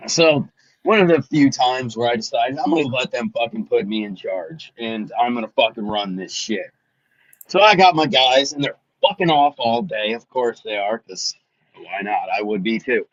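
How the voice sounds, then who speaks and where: A man's voice: medium pitch, lively intonation, moderate pace, dry recording. Blunt, foul-mouthed man in casual talk, dry and dull lo-fi sound. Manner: blunt, profane storyteller. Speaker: podcast panelist. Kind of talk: casual chat.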